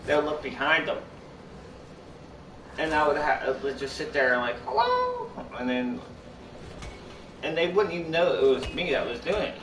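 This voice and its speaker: A man's voice: fairly high pitch, moderate pace, pauses often, a bit bright, a little hiss or hum. A young man live-streaming, chatting casually to his viewers in a rambling, repetitive way that keeps restarting its sentences. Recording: echoey room, far from mic.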